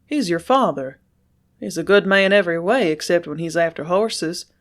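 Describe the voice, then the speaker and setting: A woman voicing an earnest young male horse rider in an audiobook, with a rough-spoken, pleading manner. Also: on the low side, expressive, moderate pace, natural voice. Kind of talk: audiobook character reading.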